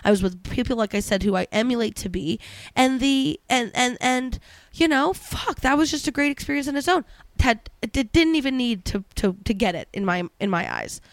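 A woman co-hosting a podcast, talking in a rambling, animated way and swearing freely. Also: a little high, normal speed, dry recording. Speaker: podcast co-host. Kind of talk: casual podcast banter.

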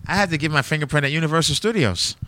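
A man from New York chatting casually as a podcast guest, agreeable and quick to say "right, right.". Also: on the high side, bright, forceful tone, no echo. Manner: agreeable, says "right, right" often. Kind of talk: casual chat.

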